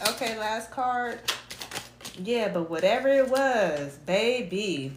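Woman, tarot reader, casual and animated, slangy, echoey room, faint background hiss. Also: sits low, moderate pace. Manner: animated, slangy, bursts of laughter and humming.

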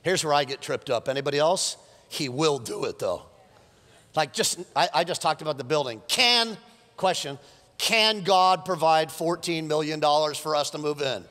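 A man's voice: fairly high pitch, moderate pace, a bit bright, big-room sound. A man preaching a sermon as pastor, moving from a casual story to fervent exhortation. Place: large church hall.

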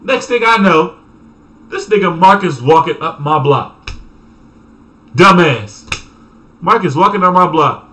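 Young male storyteller, bright forceful voice, profane, animated, laughs easily. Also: high voice, moderate pace. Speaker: vlogger. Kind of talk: casual storytime.

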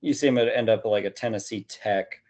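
A man's voice: lowish voice, normal speed, darkish tone. A man hosting a casual sports podcast, rambling and hedging with plenty of "you know" fillers. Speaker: podcast host.

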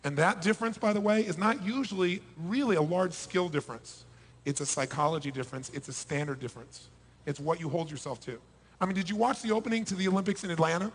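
A man delivers a motivational seminar speech, his voice sitting high for a man. He is emphatic, driving some points loud and dropping others to a hush. His voice rings with the long reverb of a large hall. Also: fast talker, husky. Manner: emphatic, swings between loud bursts and hushed lows. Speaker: motivational speaker. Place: large hall before a live audience.

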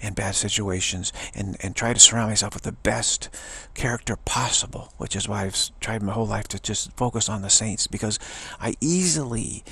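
A man with a low, gravelly voice talks in a casual spiritual monologue. He is earnest and rambling and often restarts his sentences, and his tone is rough and a little husky throughout. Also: moderate pace, pushed and bright. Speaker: spiritual video blogger.

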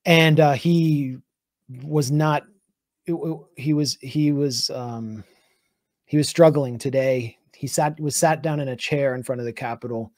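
A man, a guest journalist, telling a heated political story in an animated way with restarts. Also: fairly high pitch, dry recording, clean studio sound. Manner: heated, fast recounting with restarts.

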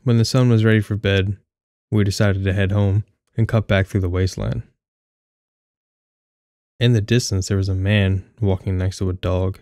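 A young man reads a first-person story with a wry, candid edge and the odd curse. His voice sits low and stays fairly flat, smooth and clear. The sound is dry and close, with no room to it. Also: normal speed, long pauses, no room sound. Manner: candid, wry, casually profane. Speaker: audiobook narrator.

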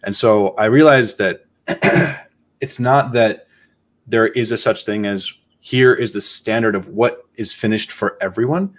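Guy hosting a chill podcast, lowish voice, thinking out loud, kinda halting. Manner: reflective, halting, thinks aloud. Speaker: podcast host. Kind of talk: casual podcast talk.

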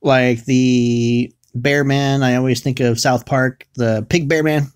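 A man's voice: mid-range voice, steady tone, slow pace, smooth. Jokey man cheering on game draws. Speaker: co-host summoning for a viewer. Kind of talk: casual chat while playing a mobile game.

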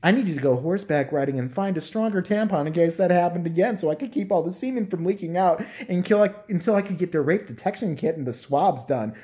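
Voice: medium pitch, lively intonation, fast talker, few pauses, warm tone. A vlogger ranting in a profane, mocking commentary and often laughing.

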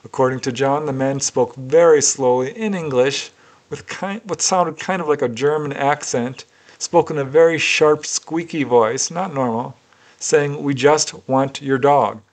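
A man with a somewhat high voice tells a case story in a measured, deliberate way. His narration is steady and careful, like a researcher laying out the events in order.

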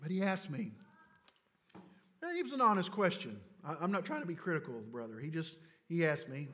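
A man with a high-pitched voice preaches a sermon in a church, his words trailing into a long hall reverb. He drops into hushed, quiet passages and then rises to shouted climaxes. He keeps turning to the congregation and calling for their response. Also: very animated, fairly quick. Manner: addresses congregation directly with calls for response. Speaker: pastor. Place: church sanctuary.

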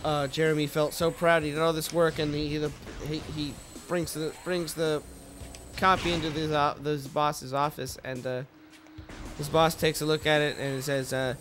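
A man hosting a let's play tells a winding story in a slightly high voice, stumbling through fillers and restarts and dropping casual curses. Faint game music plays underneath him. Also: level tone, normal speed, a bit bright. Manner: meandering, lots of fillers and restarts, swears casually. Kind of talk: rambling casual storytelling while gaming.

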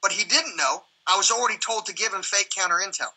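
Animated, profane high-voiced man. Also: fast talker, breathy edge, rough recording. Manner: profane, animated, acts out quoted exchanges. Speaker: livestream host. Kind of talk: casual rambling chat.

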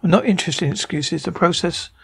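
A man's voice: high voice, fast talker, vocal fry, husky, exaggerated voice. A man doing a cold, demanding alien war chief. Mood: stern. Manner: curt, demanding.

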